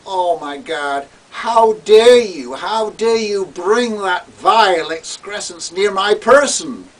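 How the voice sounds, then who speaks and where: A man's voice: high-pitched, very animated, slow, fairly bright tone, husky, voice pushed up, full character voice. A man voicing an indignant, fussy young man who sputters and scolds. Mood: outraged. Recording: distant mic with faint hiss.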